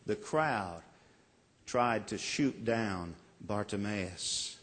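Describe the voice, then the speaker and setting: A man preaching a sermon as pastor, earnest, with dramatic pauses and voiced quotes. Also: lowish voice, lively intonation, a bit bright, husky, in a large hall.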